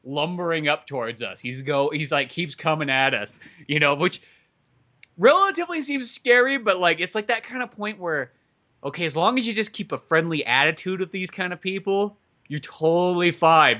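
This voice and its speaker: Bright-voiced man telling a rambling story. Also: fairly high pitch, normal speed. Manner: rambling, lots of likes and swearing. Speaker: podcast co-host. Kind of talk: casual chat, storytelling.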